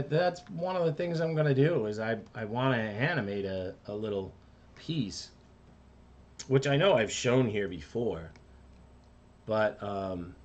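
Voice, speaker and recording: A man's voice: fairly low pitch, muffled recording. A man, an animator, chatting casually on a live stream while he works, rambling and talking to himself. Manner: rambling, self-talk while working.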